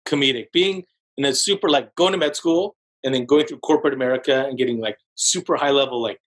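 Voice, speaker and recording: A man in his forties, a podcast guest, telling his story in an animated, casual way with many fillers like "like". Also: low-quality recording. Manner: animated storyteller, heavy use of "like", jumps into higher voices for quotes. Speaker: podcast guest, real estate broker.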